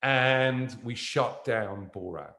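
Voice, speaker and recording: A man's voice: medium pitch, takes it slowly, echoey room. A man, an actor as guest, telling a rambling anecdote on stage that jumps around. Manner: animated, jumps around in the story. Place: university event room.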